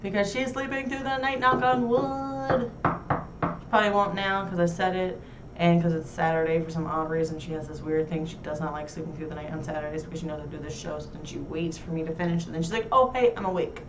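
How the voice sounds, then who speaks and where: A woman's voice: sits low, little pitch movement, brisk, noisy background. A young woman hosting a casual talk show, chatting frankly with crude, self-mocking humor. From New York. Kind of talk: casual chat. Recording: roomy echo, heard from far off.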